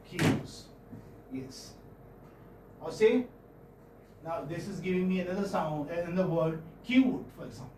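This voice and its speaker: A man with an Indian English accent teaching phonetics in a classroom, often repeating words and checking with his students. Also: sits high. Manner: pauses often, repeats words, checks understanding with "hmm?" and "okay?". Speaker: English professor. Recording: echoey room from far off, faint noise.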